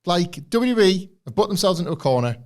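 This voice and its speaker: A young man co-hosting a casual wrestling review podcast. He talks in an animated way and acts out wrestlers' lines in put-on voices. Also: high voice, fast talker. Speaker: podcast co-host.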